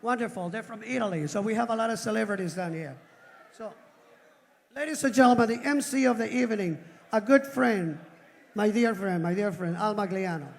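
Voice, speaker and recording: Effusive male host, high voice, booming hall. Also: a little fast, vocal fry. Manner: effusive, warm thanks and roll calls of names. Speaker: event organizer and host. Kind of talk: ceremony speech to a live audience. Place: large indoor event hall. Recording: long reverb of a large event hall.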